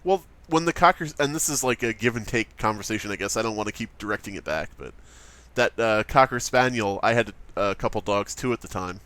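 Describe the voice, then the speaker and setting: A man hosting a let's play, telling stories in casual chat, animated and swearing freely. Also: lowish voice, fairly quick. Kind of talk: casual chat while gaming.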